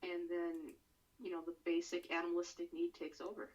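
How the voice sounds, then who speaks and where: Husky woman on dull lo-fi audio. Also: fairly low pitch, completely flat delivery, moderate pace, a little mellow. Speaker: podcast co-host. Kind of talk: crude casual storytelling. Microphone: webcam on a video call.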